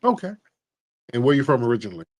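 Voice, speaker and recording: A man's voice: medium pitch, sing-song, quick pace, dry recording. A man hosting a casual call-in show, slangy and teasing, who laughs often. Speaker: talk show host.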